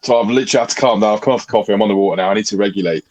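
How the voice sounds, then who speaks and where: A man's voice: lowish voice, very fast, background noise. A man co-hosting a podcast, joking and bantering in casual chat. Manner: jokey, excitable, banter. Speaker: podcast co-host.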